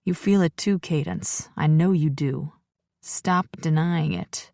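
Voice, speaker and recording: A female narrator voicing a persistent, possessive biker man, speaking low and insistent. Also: slow, darkish tone, no echo, studio quality.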